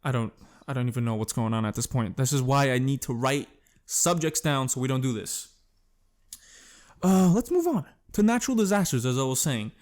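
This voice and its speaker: In a brisk, animated delivery, a young adult man tells crude stories alone on his podcast, wandering along with plenty of fillers and corrections of himself. His voice is mid-range and slightly mellow.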